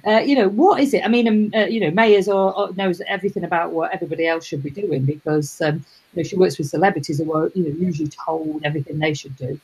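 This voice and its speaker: A middle-aged woman, hosting a casual live chat. Her voice sits low and gravelly, with a husky edge. She rambles along and greets viewers as she goes. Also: fast talker, darkish tone, rough recording. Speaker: host.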